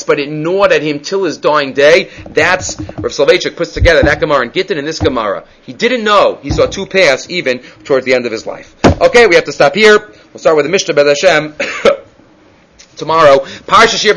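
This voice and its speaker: High-voiced man teaching Talmud. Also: animated, a little fast, a bit bright, slight background noise, low-quality recording. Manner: reads each Hebrew and Aramaic phrase, then translates it in casual English. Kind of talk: Gemara class, translating and explaining.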